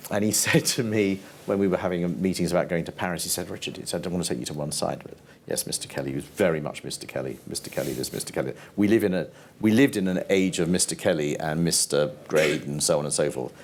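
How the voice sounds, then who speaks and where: Older male TV producer, very deep voice, chatty anecdotal storyteller, faint background noise. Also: fast talker. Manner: rambling, laughs often, quotes people in voices. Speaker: TV format producer, interview guest.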